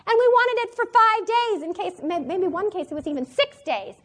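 A woman's voice: very high-pitched, expressive, moderate pace, a bit bright. A woman giving an emphatic church training talk, repeating key phrases for stress. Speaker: church seminar presenter.

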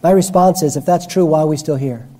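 A male preacher delivers a sermon in a warm, mellow voice. He talks in a storytelling way, often restarting and correcting himself mid-sentence as he goes. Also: fairly high pitch, quick pace.

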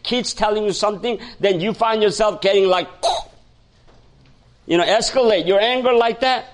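Delivering a storytelling sermon, this pastor from Korea speaks with a voice that sits high; Korean is his first language. He moves between loud, animated moments and gentle narration, voicing the people in his stories and chuckling frequently.

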